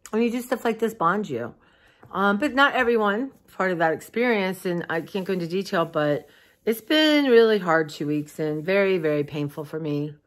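A woman with a drawl speaks in a low, weary voice, close to her camera. She rambles warmly with plenty of "um"s and "you know"s, sounding worn down by allergies and fatigue. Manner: tired, heartfelt, rambling with many fillers. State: tired, allergies, clearing throat. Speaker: vlogger. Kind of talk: casual personal vlog. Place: dim room at home.

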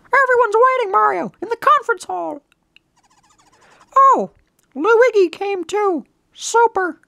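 Woman voicing a chirpy, frantic mushroom sidekick; high pitch, dry close mic. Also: animated, creaky, pushed and bright, no room sound, full character voice. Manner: squeaky, hurried and eager.

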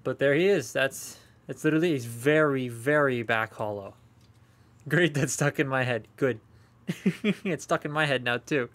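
A man's voice: medium pitch, normal speed, a bit bright. A young man chatting casually as he unboxes toys on a live stream, rambling and talking to viewers. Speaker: toy collector streaming a haul unboxing.

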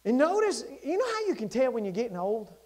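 A male pastor preaching a sermon in a folksy, animated way, swinging from loud to hushed. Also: extremely high pitch, quick pace.

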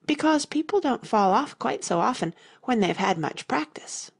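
A woman's voice: fairly high pitch, expressive, normal speed, vocal fry, breathy edge, voice pushed up, exaggerated voice. A woman voicing a polite, curious young girl in an audiobook reading.

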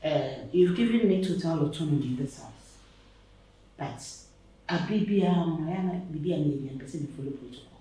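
A man's voice: fairly high pitch, expressive, fairly quick, dark tone, very echoey, recorded from a distance, close to an everyday voice, poor audio. A man with a Ghanaian accent acting an aggrieved man of the house who complains and explains at length. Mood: complaining. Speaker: actor in a web drama. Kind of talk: dramatic dialogue.

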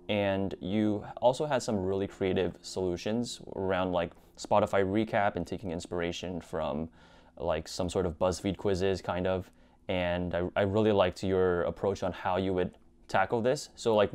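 A man with a deep, smooth voice conducts a mock job interview. He gives feedback in an upbeat, encouraging way and praises the candidate's answers before offering pointers. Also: darkish tone.

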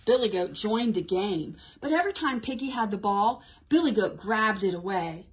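A woman's voice: mid-range voice, lively intonation, moderate pace. A woman librarian leading a toddler storytime, encouraging and sing-song, reading a picture book aloud. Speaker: children's librarian.

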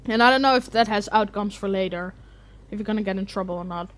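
A woman's voice: mid-range voice, fast. A young woman chatting casually as she plays an RPG, restarting sentences as she thinks aloud. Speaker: let's play gamer. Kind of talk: casual game commentary.

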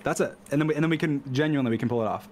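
A man's voice: on the high side, rapid-fire, darkish tone, slight background noise. A man in a casual gaming voice chat, laying out team strategy and often restarting his phrases. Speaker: gamer planning team strategy.

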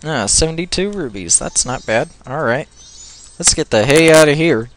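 Excitable man narrating his gameplay. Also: fairly high pitch, moderate pace. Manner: excitable, jokey, prone to panicked yelling. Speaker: gameplay commentator. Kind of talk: let's play commentary.

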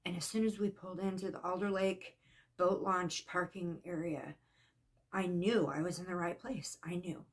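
A woman telling a personal story in a casual, earnest way, halting and shaken at times. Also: fairly low pitch, steady tone. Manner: earnest, emotional, halting with restarts. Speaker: psychic vlogger.

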